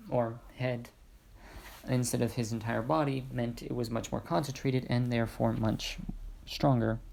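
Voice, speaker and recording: Young male hobby narrator; gravelly, casual, hesitant reading with asides. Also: medium pitch, darkish tone. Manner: rambling asides, hesitant fillers. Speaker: fan fiction narrator.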